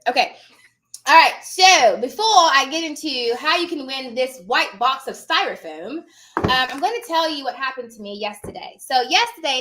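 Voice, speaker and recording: Hyper, bright-voiced woman host. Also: high-pitched. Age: adult with children. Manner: hyper and playful; calls the audience darling. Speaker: host and notary business coach. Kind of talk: casual live-stream chat.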